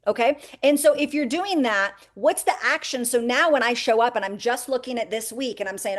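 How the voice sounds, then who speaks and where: A woman with a fairly high voice coaches her sales team over a video call. She talks in a folksy, preachy way, scattering "okay" and "amen" through her pep talk. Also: normal speed, hardly any pauses. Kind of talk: live video call training.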